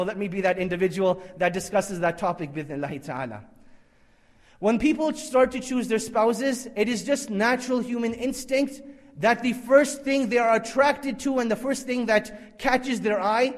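A man's voice: sits high, big-room sound. A man giving an Islamic conference lecture, emphatic and repetitive, with Arabic religious phrases woven in. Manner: emphatic, repeats key phrases for effect.

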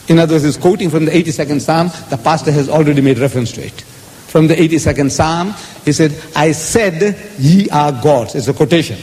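A man with a high voice lectures emphatically on scripture. He quotes verses aloud in shifting voices. The sound rings with the long reverb of a large hall. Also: fairly quick, a little mellow. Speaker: speaker in a religious debate.

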